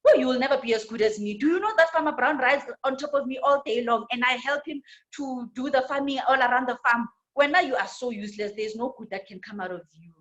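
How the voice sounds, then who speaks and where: A woman's voice: high voice, fairly bright tone, muffled recording. A woman voicing an arrogant farm horse who brags dismissively, with a South African accent. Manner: dismissive, quick bragging.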